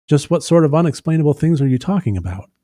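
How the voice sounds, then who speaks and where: A man voicing a fussy middle-aged mother who is a herbalist and spiritualist, in a prim, gently fretting manner. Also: a little high, expressive, fast, dry recording, clean studio sound, pitched above the performer's own voice, lightly acted. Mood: concerned.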